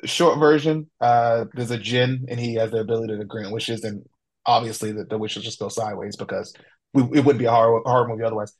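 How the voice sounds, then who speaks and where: A man with a mid-pitched voice talks casually as a guest on a podcast. He sounds laid-back, laughs often and fills his speech with small pauses. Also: steady tone, husky. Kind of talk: casual chat.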